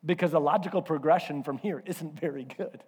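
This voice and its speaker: A male pastor preaching a sermon, telling a personal story in an animated way and acting out voices and asides. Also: a little high, fairly quick, husky. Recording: hall reverb.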